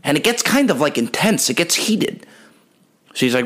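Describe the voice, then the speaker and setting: Man, comedy podcast host, brash and profane, rambling jokey monologue, slightly high voice. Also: sing-song, normal speed, a bit bright.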